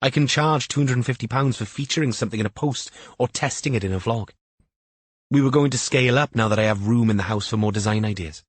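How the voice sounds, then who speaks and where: A man voicing an odd, guarded young woman influencer in an audiobook, with flat, sarcastic delivery. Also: mid-range voice, fast, breathy edge, no echo, pitched above the performer's own voice, close to an everyday voice. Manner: flat sing-song sarcasm.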